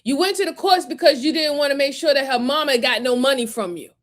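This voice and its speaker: A woman's voice: high-pitched, quick pace. A woman reacting to crime footage in a heated, emphatic way, cursing often and near tears with fury. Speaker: video commentator.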